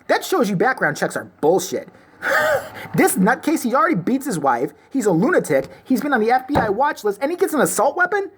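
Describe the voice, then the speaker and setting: A woman's voice: on the high side, sing-song, brisk, slightly rough. A woman vlogger delivering an angry, crude, sarcastic opinion rant to the camera.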